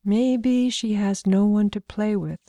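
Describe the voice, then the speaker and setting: A woman voicing a surly, sharp-tongued young scholar in a storybook reading, talking tersely and dryly. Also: medium pitch, steady tone, takes it slowly, no echo, studio quality, pitched above the performer's own voice.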